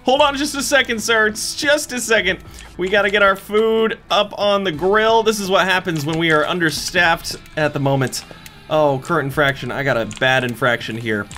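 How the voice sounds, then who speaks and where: A man's voice: high-pitched, normal speed, pushed and bright, faint music behind. A young man in playful let's-play commentary, chatting through a cooking game and greeting customers in a cheery service voice. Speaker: gaming YouTuber.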